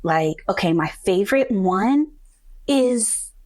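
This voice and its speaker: A woman's voice: mid-range voice, animated, slow, a little mellow. A woman hosting a podcast in casual chat, candid, swearing freely and laughing often. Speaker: podcast host.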